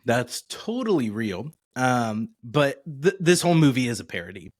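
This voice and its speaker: A man co-hosting a podcast in casual chat, relaxed and rambling, with frequent "uh" and "um". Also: medium pitch, normal speed, no room sound. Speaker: podcast co-host.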